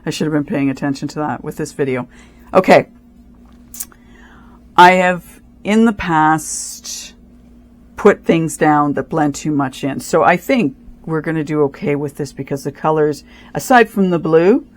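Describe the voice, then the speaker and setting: A woman's voice: low voice, a little slow. A woman hosting a casual craft tutorial, thinking aloud, restarting sentences and giving careful step-by-step instructions. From Canada. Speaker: craft channel host.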